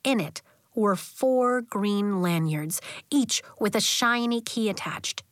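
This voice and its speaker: A woman narrating a children's novel as an audiobook in a gentle, even storytelling manner. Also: mid-range voice, slow pace, no room sound, studio quality.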